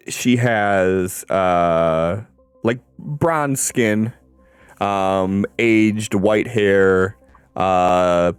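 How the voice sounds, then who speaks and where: Slow, hesitant game master man. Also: fairly low pitch, smooth, dry recording. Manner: halting, full of ums and uhs. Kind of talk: narrating a tabletop game stream.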